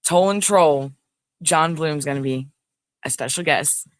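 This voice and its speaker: Her voice is low and unhurried, recorded dry on a phone. She's a livestream host, chatting casually and ramblingly while greeting viewers by name.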